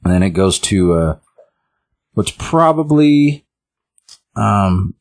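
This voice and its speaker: A man's voice: on the low side, very animated, slow, a little mellow. A man casually retelling a comic book plot, rambling with many fillers and restarts.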